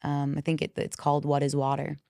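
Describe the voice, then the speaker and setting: A woman's voice: deep voice, a little fast, vocal fry, no echo, studio quality. A woman guest on a podcast talking as a coach, a frank, swearing storyteller in casual conversation. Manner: frank, profane, animated storyteller.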